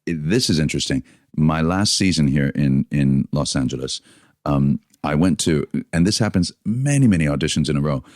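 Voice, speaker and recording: A man from Indiana with an American accent softened by years in London, a theatre actor chatting as a guest, often laughing at himself. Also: a bass voice, expressive, normal speed, dry recording, clean studio sound. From Indiana, United States. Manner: self-deprecating, laughs often. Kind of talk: casual chat.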